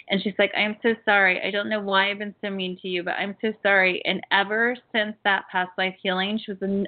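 A woman hosting a call-in show about past lives, telling stories in a chatty, earnest way with many fillers. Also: medium pitch. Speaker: host and past-life healer. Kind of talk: call-in radio show talk. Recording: tinny phone line.

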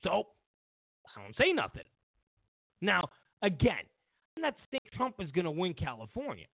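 A man's voice: sits high, huge pitch swings, normal speed, vocal fry, breathy edge, no echo. A man hosting a talk show, delivering a rambling political monologue with many repeated words and restarts. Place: Los Angeles. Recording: dry, tinny phone-like sound.

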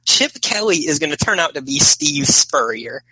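Bright-voiced opinionated man talking sports. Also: a little high, big pitch swings, normal speed, breathy edge, dry recording, poor audio. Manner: rambling, opinionated sports fan. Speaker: podcast guest. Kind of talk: casual chat.

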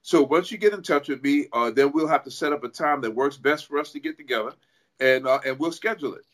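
A man's voice: a little high, quick pace, a bit bright. A man with a New York accent, a fitness coach talking as a guest in an interview, earnest and explaining things step by step with frequent restarts. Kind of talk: casual interview talk.

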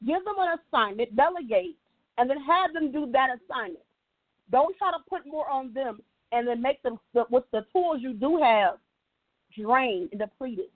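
A woman's voice: high-pitched, animated, moderate pace, no echo. A woman guest giving a faith-based motivational talk, emphatic, repeating key lines and checking in with "right?". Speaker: guest speaker. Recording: tinny phone-like line, dry.

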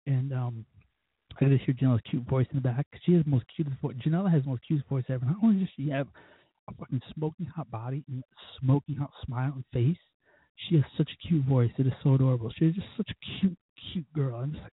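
A man's voice: mid-range voice, a little fast, slightly rough, dry recording, phone-quality sound. A man hosting a show, telling a first-date story in a rambling, profane, self-mocking way. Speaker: podcast host. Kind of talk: casual storytelling monologue.

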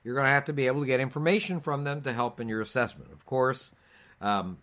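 A male co-host talks through medical and news topics in a relaxed, conversational manner, pausing with fillers as he goes. His voice is bright and clear, at a middle pitch. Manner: easygoing, explanatory with fillers. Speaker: physician co-host. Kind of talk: conversational podcast talk.

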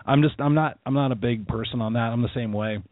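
A man's voice: mid-range voice, no echo. A man hosting a casual interview chat, blunt and emphatic in how he talks. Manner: blunt, emphatic, fast-talking. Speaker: podcast host. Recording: tinny phone-line audio, dry.

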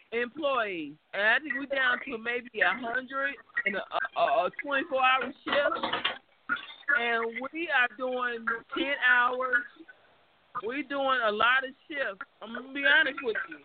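Caller on a noisy phone line. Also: female voice, sits high. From Chicago. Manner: blunt, profane, fighting back tears. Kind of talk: emotional phone call-in.

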